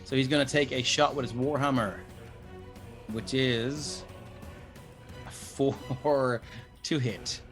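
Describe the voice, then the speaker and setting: A man's voice: medium pitch, fairly even intonation, takes it slowly, pauses often, fairly bright tone, faint music behind. A man running a tabletop game as game master on a live stream, casual, swearing freely and making sound effects.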